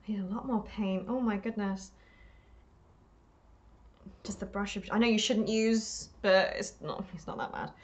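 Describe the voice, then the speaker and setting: A woman's voice: medium pitch, steady tone, a little slow, long pauses. A woman chatting on a live stream while she paints, rambling and talking to herself, self-deprecating and laughing often.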